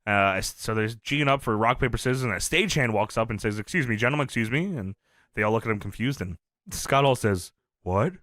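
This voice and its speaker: A man in casual podcast chat, animatedly retelling a wrestling show with constant laughter, swearing and quick impressions. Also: lowish voice, fairly bright tone, dry recording, clean studio sound. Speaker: podcast co-host.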